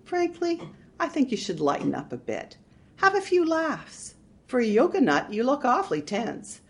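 A woman's voice: on the high side, wildly swooping pitch, normal speed, pitched above the performer's own voice. A woman voicing gleefully unhinged housewife Marge. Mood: bossy cheerful.

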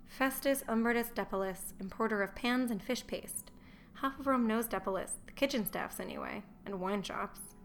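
A woman's voice: fairly high pitch, moderate pace, a little hiss or hum, close to an everyday voice. A woman reading the lines of a cheerful, wry Roman watch captain and fond father, as an audiobook character voice.

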